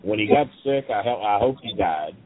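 A man's voice: fairly low pitch, animated, fairly quick. A middle-aged man tells a story bluntly and heatedly, swearing freely, over the phone. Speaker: wrestling business guest. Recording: tinny phone line.

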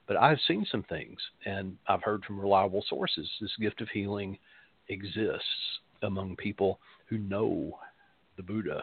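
A pastor hosting a spiritual talk show tells his stories in a loose, rambling way, circling back to repeat his points. His voice sits low and gravelly. The sound is dry and thin, as if it comes over a phone line. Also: no echo. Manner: rambling, repeats phrases for emphasis.

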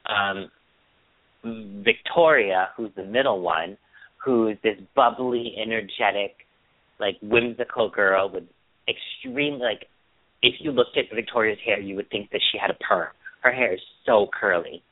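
A chatty man co-hosting a casual talk show, rambling through a story and putting on a squeaky mocking voice for quotes. His voice sits low and is heard over a thin, tinny phone line. The sound is dry and close. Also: very animated, a little slow, creaky, dry recording. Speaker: podcast co-host. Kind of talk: casual chat.

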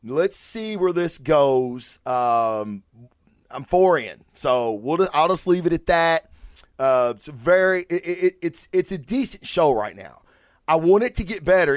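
Cussing podcast dude, kinda high voice, dry close sound, rambles and restarts a lot. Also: male voice, dry recording. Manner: profane, animated, rambling with restarts. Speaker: podcast host. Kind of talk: casual solo podcast rant.

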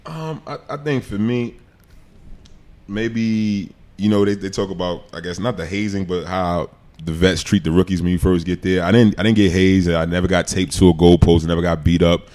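A man, telling stories as a guest in a casual interview, animated and laughing often. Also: deep voice, normal speed. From New York City. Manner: animated storyteller, laughs often, acts out quotes. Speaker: podcast guest, former football player.

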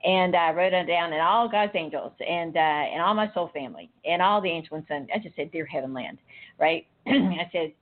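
Woman, deep low voice, rambling and confiding, laughs often, casual chat. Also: moderate pace. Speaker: podcast co-host. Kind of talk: casual, candid conversation. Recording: tinny phone-line sound.

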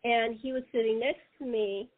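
A woman hosting an interview, telling a story in a halting, chatty way with fillers and frequent laughs. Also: on the high side, steady tone. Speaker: podcast host. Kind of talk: casual interview chat. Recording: phone-like narrow-band line.

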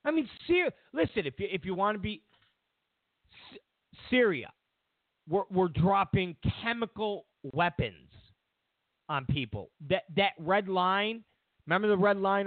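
Male talk host, sarcastic rant, lively high voice, tinny phone-like sound. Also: unhurried, no room sound. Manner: sarcastic, mocking, ranting. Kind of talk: political commentary monologue.

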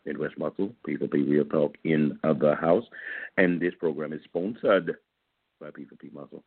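A man's voice: very deep voice, steady tone, moderate pace, gravelly, slightly rough, dry recording. A man hosting a casual talk radio show, joking and rambling playfully. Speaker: host. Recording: dry tinny phone line.

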